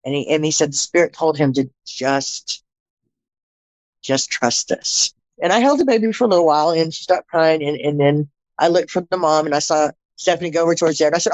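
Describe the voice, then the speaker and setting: A woman's voice: sits low, fairly quick, no echo. A middle-aged woman, a podcast guest, telling her personal testimony bluntly and animatedly, acting out the people in it. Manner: blunt, animated storytelling with frequent restarts and quoted dialogue. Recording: slightly dull, dry audio.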